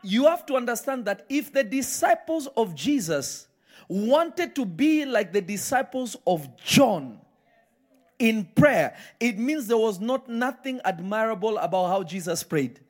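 A man's voice: high-pitched, very animated, unhurried. A man preaching a live sermon in church, emphatic and firing repeated questions at the congregation. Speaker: pastor.

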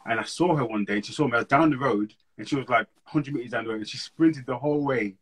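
Young guy, husky and quick, lively slangy storyteller for an interview guest spot. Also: mid-range voice, low-quality recording. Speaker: guest speaker. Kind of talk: casual interview chat.

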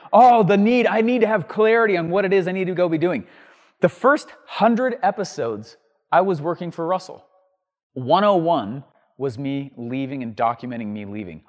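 Lively man telling stories in a reverberant room. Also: on the high side. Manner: energetic, rambling, full of ums and restarts; writes on a board while talking. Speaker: show host teaching entrepreneurs. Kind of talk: animated storytelling to camera.

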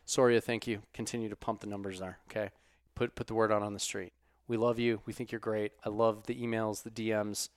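A man hosting a podcast, swearing freely as he chats. He drops to quiet mutters and then erupts into loud outbursts. The sound is dry and close, with no room around it. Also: fairly low pitch, level tone, a little fast, smooth, no room sound. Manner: profane, swings from muttered asides to loud outbursts. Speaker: podcast host. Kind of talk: casual podcast chat.

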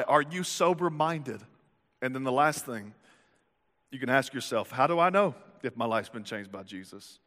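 Bright-voiced male pastor preaching. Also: mid-range voice. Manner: animated storytelling with rhetorical questions. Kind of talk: sermon. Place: church sanctuary. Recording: reverberant church hall.

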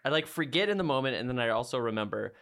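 A woman's voice: expressive, racing. A woman co-hosting a casual podcast chat, enthusiastic and fond of acting out quotes in a raised voice. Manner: enthusiastic, acts out quotes in a high voice. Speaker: podcast co-host.

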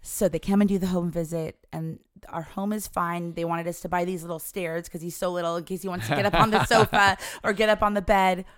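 A woman in her forties telling a family story in a chatty, animated way, acting out the voices of the people she quotes. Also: fairly low pitch, brisk, hardly any pauses, no echo, clean studio sound. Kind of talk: casual storytelling chat.

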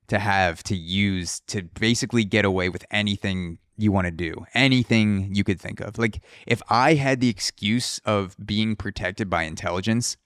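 A man's voice: lowish voice, fairly bright tone, no room sound, clean studio sound. A man hosting a casual solo podcast, rambling with profane, comic tangents. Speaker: podcast host.

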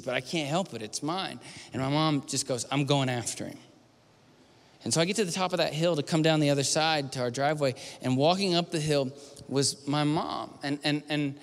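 A man preaching a sermon, telling a personal story and moving from hushed near-whispers to loud pleading. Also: fairly high pitch. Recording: long hall reverb with faint music.

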